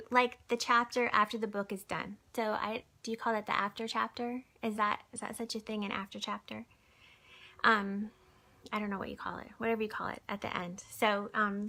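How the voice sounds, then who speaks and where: A woman of ordinary pitch gives a gentle devotional talk for a church video. She reads aloud from a book in a relaxed, chatty way, with many fillers and restarts. Now and then her voice sinks to a hushed whisper. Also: vocal fry. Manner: drops to a soft whisper at times. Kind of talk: informal devotional book reading. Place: recorded video message.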